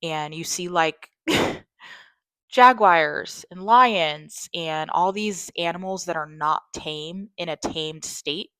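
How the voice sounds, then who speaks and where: A woman casually recapping a movie she loved, rambling with lots of "like" and restarts, her voice jumping up when she gets excited. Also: fairly low pitch, slow pace, dry recording. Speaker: movie reviewer.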